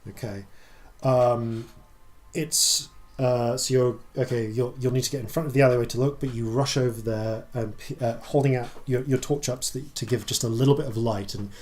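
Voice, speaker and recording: A man narrating a tabletop game as dungeon master, halting often with fillers and restarts. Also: mid-range voice, fairly even intonation, a little mellow.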